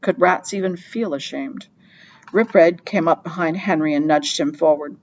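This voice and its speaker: A woman narrating an audiobook in a steady, plain storytelling manner. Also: deep voice, normal speed, highs cut off. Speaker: audiobook reader.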